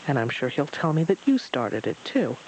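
A man doing a shrill, fussy rabbit. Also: big pitch swings, normal speed, slight background noise, poor audio. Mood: irritable. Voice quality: shrill, stuttering when scared. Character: fussy, bossy male rabbit, excitable.

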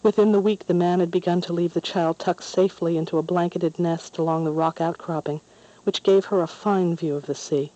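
A narrator reading a children's story aloud in a calm, measured way. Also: medium pitch, highs cut off.

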